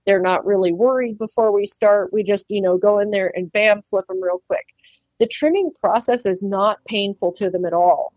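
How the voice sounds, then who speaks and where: A woman's voice: medium pitch, moderate pace, dry recording. Chatty woman pig trimmer, dry sound. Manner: animated, acts out quoted voices, laughs easily. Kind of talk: casual interview talk.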